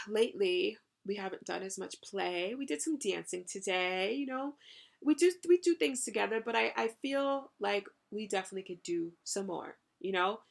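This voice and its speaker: A woman's voice: mid-range voice, vocal fry. A woman hosting a channeled spiritual podcast, talking effusively with casual swearing and lots of "you know" and "right?". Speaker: podcast host and spiritual coach.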